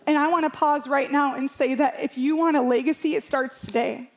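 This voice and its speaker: A woman's voice: high voice, steady tone, fairly quick. A woman around forty, a pastor, preaching a sermon to a church congregation in a passionate, emphatic way, repeating phrases for rhythm.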